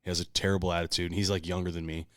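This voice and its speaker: A man's voice: low-pitched, little pitch movement, rapid-fire, dry recording, studio quality. A man co-hosting a podcast, telling a long story in casual, profane, heated talk. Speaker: podcast co-host.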